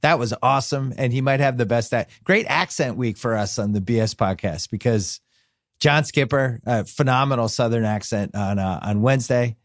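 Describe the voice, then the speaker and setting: A man's voice: medium pitch, normal speed, no echo, clean studio sound. A man hosting a casual podcast, running through the show lineup in an upbeat, rambling way with frequent restarts. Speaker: podcast host.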